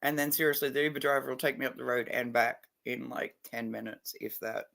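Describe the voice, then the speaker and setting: A man's voice: mid-range voice, fairly even intonation, fairly quick, gravelly, fairly bright tone. A man chatting casually on a livestream, blunt and heavily profane, a little drunk and stoned. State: tipsy and stoned.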